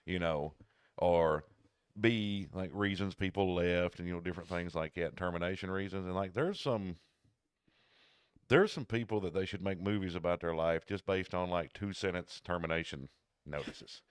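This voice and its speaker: Male podcast co-host, low voice, chatty storyteller, dry close recording. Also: normal speed, clear, resonant tone, dry recording. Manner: rambling storyteller, acts out callers' voices. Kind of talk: casual chat.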